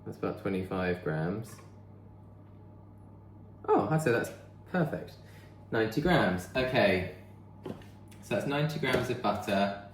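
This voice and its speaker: A man's voice: lowish voice, lively intonation, measured pace, long pauses, roomy sound, a little hiss or hum. A man chatting casually as he bakes in his kitchen, thinking aloud as he goes. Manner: chatty, rambling, thinks aloud while baking. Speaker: vlogger. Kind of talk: casual chat. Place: home kitchen.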